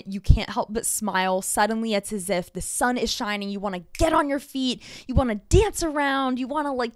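A young woman hosting a solo podcast, talking fast and bubbly with frequent laughter. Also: a little high, no echo, clean studio sound. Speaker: podcast host.

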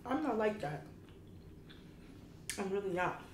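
A woman's voice: mid-range voice, sing-song, unhurried, a little hiss or hum. Young woman in her twenties, casual vlogger with slangy straight talk, camera mic in a roomy space with faint background ambience. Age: 20s. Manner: candid, slangy, talks straight to viewers. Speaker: food vlogger. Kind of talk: casual chat to camera while eating.

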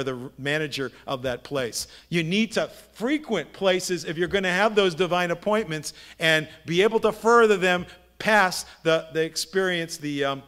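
A man's voice: on the high side, fairly bright tone. A middle-aged man, a pastor, preaching a sermon in a conversational storytelling way, asking his listeners rhetorical questions. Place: church sanctuary.

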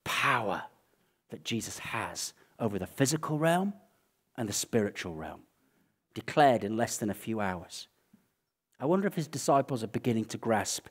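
A man with an English accent preaching a sermon, telling Bible stories with animated, acted-out energy. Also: medium pitch. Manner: animated storytelling, acting out scenes. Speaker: pastor.

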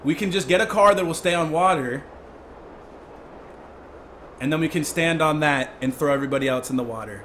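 A young man giving live gameplay commentary as a streamer, excitable, breaking into yells and laughs. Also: a little high, brisk, long pauses, slight background noise. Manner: excitable, yelling and laughing in bursts. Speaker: gaming streamer.

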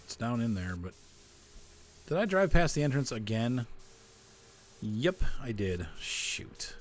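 A man's voice: medium pitch, sing-song, slow pace, a little hiss or hum. A man hosting a casual gameplay video, chatting and grumbling about game glitches as he plays. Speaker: gaming video host.

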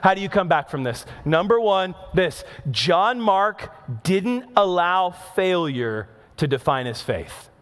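High-voiced pastor in a reverberant hall. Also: male voice, sing-song, takes it slowly, hardly any pauses, fairly bright tone. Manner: chatty storytelling with audience asides, rising to emphatic repeated questions. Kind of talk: sermon. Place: church auditorium. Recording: long reverb of a large hall.

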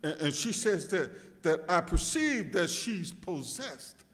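A male pastor preaching a sermon, restarting words in stammering repeats and rising to shouts as he calls out to his congregation. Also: on the high side, sing-song, slow. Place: church sanctuary. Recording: long reverb of a church hall.

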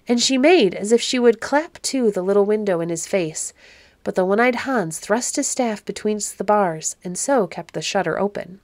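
A woman's voice: medium pitch, no echo. Woman narrating an old storybook. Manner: measured, expressive narration. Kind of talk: storybook read-aloud.

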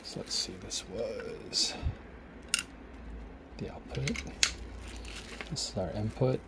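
A man's voice: lowish voice, vocal fry, heavy background noise. A man narrating a guitar pedal repair at his workbench, casually thinking aloud as he tests and troubleshoots. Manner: thinking aloud, unhurried, trailing off while working. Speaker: repair video host.

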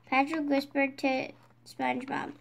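High-voiced young woman reading a storybook. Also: unhurried, slight background noise. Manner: clear, steady read-aloud narration. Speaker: storybook reader. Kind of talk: reading a children's picture book aloud.

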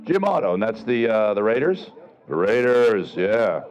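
A man's voice: lowish voice, very animated, normal speed, a little mellow, faint music behind, rough recording. A middle-aged man performing a live outdoor comedy show at a renaissance fair, teasing the audience with sarcastic banter and calling people over. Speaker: street comedian and juggler.

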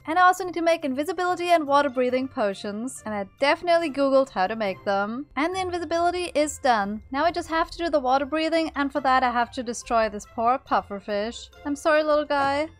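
A high-pitched woman narrates her game in a playful, chatty way and shrieks when something startles her. Quiet background music plays under her voice. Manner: playful, easily startled, talks to game creatures. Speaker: gaming video creator. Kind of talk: playthrough narration.

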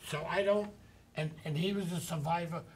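An older man hosting a talk show, telling rambling, animated stories. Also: on the high side, normal speed, crowd noise. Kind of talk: anecdotal chat.

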